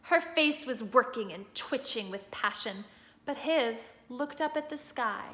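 A woman reading a storybook aloud with steady, expressive storytelling, now and then stopping to explain a picture. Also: fairly high pitch, measured pace. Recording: echoey room.

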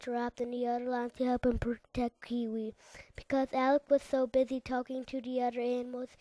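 A woman reading a class-written picture story aloud in a careful, halting way. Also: high voice, warm tone, no room sound.

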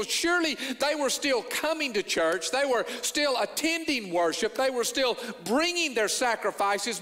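A man's voice: very high-pitched, bright, forceful tone, big-room sound. A man preaching a sermon as a pastor, earnest, restarting and repeating words, rising in emphasis as he quotes scripture. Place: church sanctuary.

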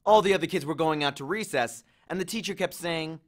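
A man narrating a novel in the first person in a measured, expressive storytelling manner. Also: a little high. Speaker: audiobook reader.

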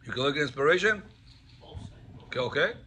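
A man's voice: a little high, lively intonation, fast talker, pushed and bright, slight background noise. A man teaching a class as a rabbi, telling stories and acting out the dialogue with animation. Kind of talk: storytelling Torah class.

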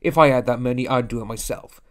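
A young man delivers a casual commentary in a blunt, ranting way, slipping into mocking quotes of other people. His voice sits at an ordinary middle pitch. He talks like a channel host airing his opinions. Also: fast.

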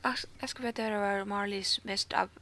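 A woman's voice: mid-range voice, fairly even intonation, normal speed, bright, forceful tone. Woman reading as a hot-tempered stable keeper with a Finnish accent. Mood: angry. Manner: reads game dialogue aloud, stumbling and restarting words. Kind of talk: reading game dialogue aloud.

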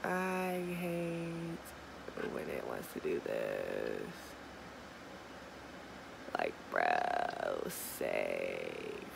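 A young woman vlogging casually, talking, swinging between murmured asides and excited squeals. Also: very deep voice, drawn-out words, gravelly, pauses often, noisy background. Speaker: small business owner launching an online store. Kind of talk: casual vlog chat.

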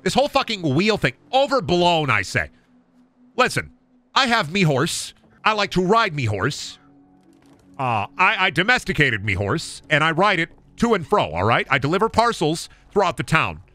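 Guy doing a grumpy old-timey crank ranting about inventions, bright raspy voice jumping all over. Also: fairly high pitch, very animated, normal speed. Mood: cranky. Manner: grumbling, emphatic ranting.

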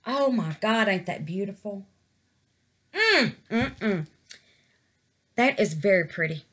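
Her voice mid-range, a bit bright and husky, a middle-aged woman moves slowly through a resin craft with lively intonation. She's chatty in this casual vlog, calling viewers babies and invoking the Lord.

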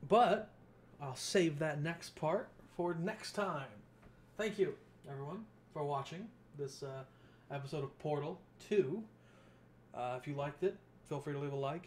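A man's voice: on the high side, a little hiss or hum. A man playing a video game with laid-back, short comments and a casual sign-off to viewers. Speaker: gaming channel host.

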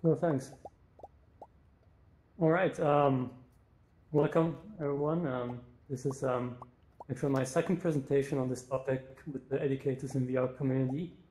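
Man, conference presenter, hesitant with fillers, mellow tone, echoey room. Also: mid-range voice, fairly even intonation, normal speed, long pauses, slight background noise. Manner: hesitant, many fillers and restarts. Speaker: presenter, startup co-founder. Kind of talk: conference talk in a virtual space. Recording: roomy echo.

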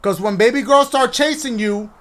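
A man giving loud, excitable commentary as he plays a horror video game, shouting reactions and cracking jokes. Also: very high voice, normal speed. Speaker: gaming YouTuber. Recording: music playing behind the voice.

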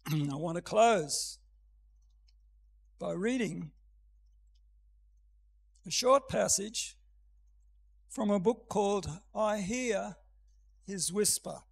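An older man delivers a church sermon, his voice set high for a man and taking a slow, unhurried pace. He speaks gently, then lifts into an emphatic reading. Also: gravelly, poor audio. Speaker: preacher.

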